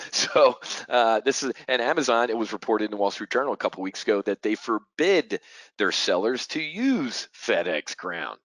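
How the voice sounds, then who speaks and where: A man's voice: fairly low pitch, animated, normal speed, a bit bright, no echo, rough recording. A middle-aged man teaching a live options-trading webinar, punchy and direct, firing rhetorical questions at the audience and using fighter-pilot jargon. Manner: punchy, talks straight to the audience.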